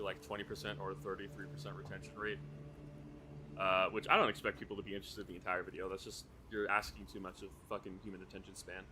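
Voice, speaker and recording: A man's voice: lowish voice, bright, forceful tone, a little hiss or hum. A man streaming live, chatting casually while playing, rambling and swearing often.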